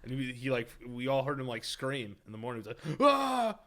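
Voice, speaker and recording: A man's voice: medium pitch, fairly even intonation, fast. A young man, co-hosting a podcast and telling stories in swear-heavy slang. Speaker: podcast co-host. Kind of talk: casual chat.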